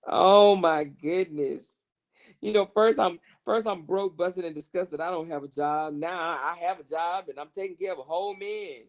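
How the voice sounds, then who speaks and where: Woman, livestream host, gossipy chat, salty language, frequent laughter. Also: on the low side. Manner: profane, animated, laughs often.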